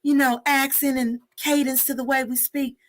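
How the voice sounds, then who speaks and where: A woman's voice: sits high, flat delivery, normal speed, rough recording. A woman hosting a podcast, talking in an outspoken, casual way and dropping Spanish words into her English. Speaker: podcast host.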